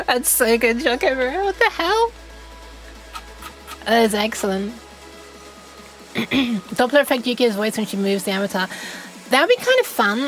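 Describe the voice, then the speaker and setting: A woman's voice: a little high, big pitch swings, measured pace, long pauses, faint music behind. Giggly rambling woman streamer. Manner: rambling, giggly, self-interrupting. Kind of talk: casual live-stream chat while gaming.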